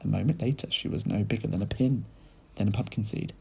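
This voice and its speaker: A male teacher reading a children's book aloud in lively storytelling style, speaking to his pupils. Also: lowish voice, quick pace, gravelly, breathy edge, poor audio. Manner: animated storytelling, addressing children.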